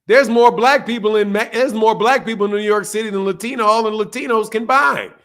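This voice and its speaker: A boxing channel host with a brisk, high-sitting voice delivers a loud, profane, fired-up rant in casual stream talk. He laughs between his points.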